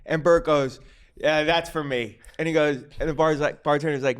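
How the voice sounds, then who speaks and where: A man, a guest comedian, telling stories in a casual, animated and profane way on a podcast. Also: fairly high pitch, moderate pace, clear, resonant tone. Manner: animated, profane storyteller acting out quotes. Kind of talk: casual storytelling. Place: podcast studio.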